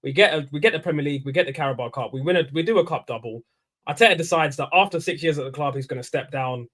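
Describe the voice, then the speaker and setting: Fast-talking young man. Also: on the high side. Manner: rambling, excitable, slangy. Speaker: livestream host. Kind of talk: casual post-match fan chat.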